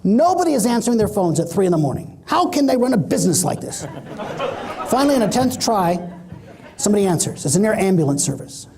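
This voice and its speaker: A middle-aged man giving a keynote speech on stage, an animated storyteller who acts out the voices he quotes. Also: sits high, a little fast, some chatter behind. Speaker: motivational speaker.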